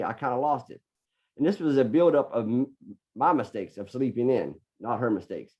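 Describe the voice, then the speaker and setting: A man's voice: medium pitch, animated, normal speed, darkish tone, husky. A middle-aged man, a podcast guest, telling a personal story in an earnest way and often repeating words as he gathers his thoughts. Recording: dull lo-fi podcast audio.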